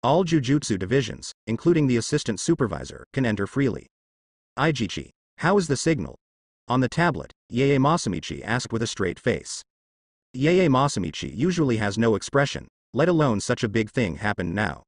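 A male narrator reads a translated fan novel aloud with a lively, swinging pitch. His delivery is steady and unbroken, with no slips or fillers. The voice sits close and dry, with no room sound around it. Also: a little fast, dry recording.

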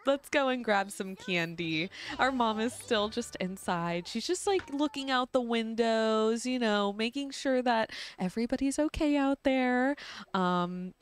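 A young woman hosting a gaming channel casually narrates her life-sim gameplay, chatty and giggly with lots of ums. Her voice is on the high side, at a measured pace.

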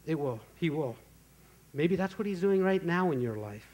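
A man preaching a sermon as pastor, earnest and emphatic, slowing down to stress key phrases. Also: a little high, lively intonation, darkish tone, highs cut off. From Texas, USA.

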